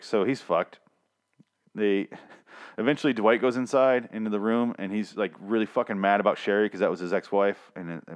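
A man giving a casual, rambling recap of a comic, sarcastic and foul-mouthed, often restarting his sentences. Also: on the low side. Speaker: comic book recap vlogger.

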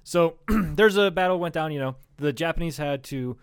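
A young man from northern Iowa co-hosts a casual comedy podcast, swearing a lot, laughing often and acting out quotes as he tells stories. His voice is a little high and smooth, at a moderate pace, with no echo.

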